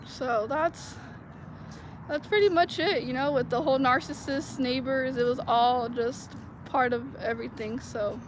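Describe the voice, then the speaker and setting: High-pitched woman vlogging outside, rambling with lots of "like", loud traffic noise behind her. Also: fairly even intonation, a little slow. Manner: rambling, heavy use of "like" fillers. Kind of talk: casual storytelling to viewers. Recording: noisy outdoor street recording.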